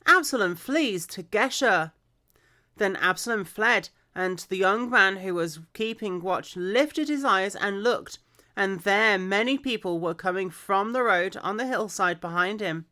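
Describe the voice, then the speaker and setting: A woman from Birmingham reading the Bible aloud unhurriedly and musing with quiet hums and asides. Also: medium pitch, expressive, unhurried. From Birmingham, England. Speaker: scripture reader.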